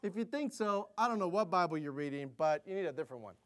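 A middle-aged man preaching a sermon, telling stories with animated delivery, laughing and acting out voices. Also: high voice, fast. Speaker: pastor.

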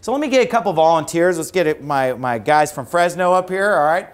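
A male preacher delivering an emphatic sermon to a congregation, arguing forcefully and mocking opposing views. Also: a little high, expressive, brisk. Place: church.

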